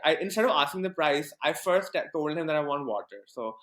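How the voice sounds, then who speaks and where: A young man from Pakistan talks a little fast in a slightly high voice, recorded with a roomy sound. As a podcast guest, he tells a casual, rambling story packed with fillers and restarts.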